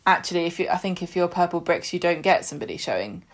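A woman's voice: lowish voice, big pitch swings, fast talker. A woman co-hosting a podcast, chatting casually, often restarting and searching for words. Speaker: podcast co-host. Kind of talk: casual chat about a TV soap.

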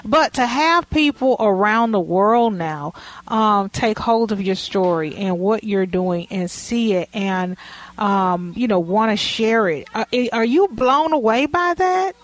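A woman hosting a talk show, warmly affirming her guest in casual interview chat. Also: medium pitch, a little slow, rough recording. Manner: affirming and lively, with emphatic praise.

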